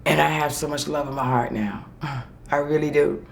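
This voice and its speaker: A woman's voice: low voice, steady tone, moderate pace, vocal fry, a little hiss or hum. Emotional woman telling her story. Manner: emotional, emphatic, often laughing; vivid storyteller who acts out her own past words. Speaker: employee sharing a success story. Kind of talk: personal testimonial.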